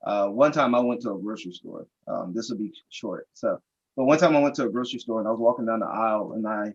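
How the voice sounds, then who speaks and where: Man, panel guest, storytelling, husky, dull lo-fi sound. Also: on the low side, fast. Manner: reflective storyteller, quotes dialogue.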